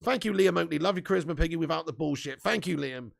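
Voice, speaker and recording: A man hosts a live fan stream in a high voice with a heavy gravelly rasp. He chats loosely with his viewers, reads out their comments, laughs a lot and swears casually. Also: quick pace. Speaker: football fan channel host.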